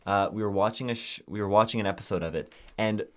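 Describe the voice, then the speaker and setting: A fast-talking young man with a voice on the low side co-hosts a podcast in easygoing conversation. He tells stories animatedly, voicing the quotes as he goes.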